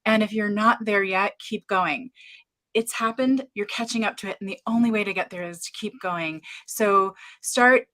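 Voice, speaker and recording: A woman's voice: mid-range voice, moderate pace, a bit bright, dry recording. A woman author on a video call giving earnest, encouraging remarks. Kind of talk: motivational remarks.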